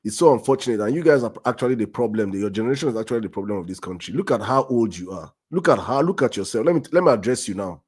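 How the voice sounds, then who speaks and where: A man's voice: lowish voice, animated, very fast, hardly any pauses, a little mellow, breathy edge. A Nigerian man hosting a live show, thanking a guest and confronting a commenter in a scolding tone. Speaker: host.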